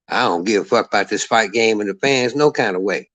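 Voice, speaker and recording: A man's voice: lowish voice, fairly quick, a bit bright, no room sound. A man delivering a heated, profane boxing rant as the channel's commentator. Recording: dull lo-fi dry sound.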